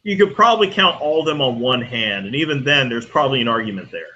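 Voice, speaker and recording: A man co-hosting a casual geek news chat, cracking crude jokes and laughing often as he reads headlines. His voice is bright, with pitch that jumps around. The audio is muffled and lo-fi, with a faint hiss behind it. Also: animated, quick pace. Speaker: co-host. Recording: lo-fi with faint noise.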